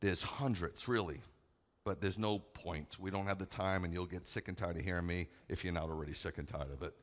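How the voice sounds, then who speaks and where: Dramatic preaching man, deep voice. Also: steady tone, a little fast. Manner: dramatic, swings from soft asides to loud scripture readings. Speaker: rabbi preaching. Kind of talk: sermon. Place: congregation sanctuary.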